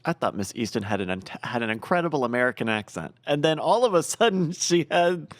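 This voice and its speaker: Lively man chatting on a podcast. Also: mid-range voice, a little fast, dry recording, clean studio sound. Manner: animated, defends his points. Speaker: podcast co-host. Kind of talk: casual chat.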